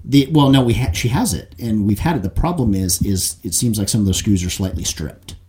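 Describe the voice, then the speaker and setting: A man with a low, mellow voice co-hosts a casual podcast chat. He tells stories in an animated way and breaks into laughter often. He sits close to a desk microphone. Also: brisk. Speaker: podcast co-host. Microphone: desk mic without boom, close to face.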